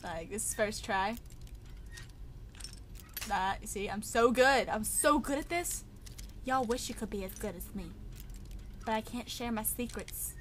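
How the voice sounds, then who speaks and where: A woman's voice: a little high, slight background noise. A woman hosting a playful let's-play commentary, chatty and giggly, talking to the characters in the game. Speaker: gaming channel host.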